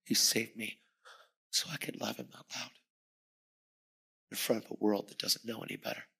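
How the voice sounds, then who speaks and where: A man's voice: fairly low pitch, steady tone, moderate pace, vocal fry, pushed and bright, husky. A man in his fifties preaching as a guest speaker, telling a personal story with emphasis and acting out the dialogue. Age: 50s. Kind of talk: sermon told as a personal story.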